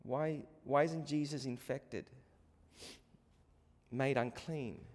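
A man preaching a sermon, moving between hushed, quiet reflection and fervent, rising exhortation. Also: mid-range voice, fairly even intonation, takes it slowly, long reverb tail.

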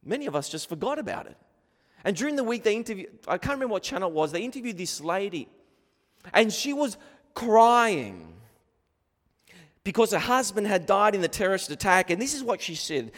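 A man's voice: high voice, animated, a little fast. An Australian man preaching a sermon, earnest and emphatic, often repeating words as he restarts a thought. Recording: long hall reverb.

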